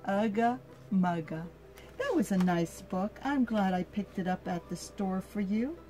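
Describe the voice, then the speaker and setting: An older woman reading a picture book aloud to her grandchild, slow and gentle, stopping to ask the child questions. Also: mid-range voice, animated, soft background music.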